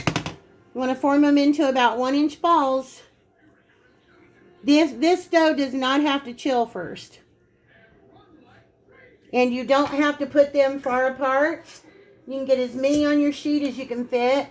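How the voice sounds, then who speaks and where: A woman hosting a casual cooking vlog in her home kitchen, chatty and quick to laugh at herself. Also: high-pitched, fairly even intonation, a little hiss or hum. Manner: chatty, laughing, self-teasing.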